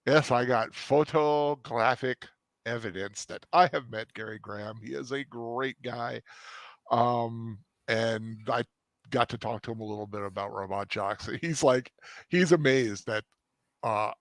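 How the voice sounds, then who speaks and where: A man's voice: mid-range voice, a little slow, no echo. Rambling, chatty male host, dry sound. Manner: chatty, rambling, many fillers and restarts. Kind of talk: casual chat.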